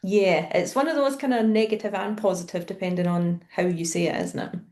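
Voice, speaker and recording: A woman's voice: mid-range voice, a little fast, darkish tone. A woman from Scotland with a Scottish accent, a guest in a casual podcast chat, asking questions and laughing easily.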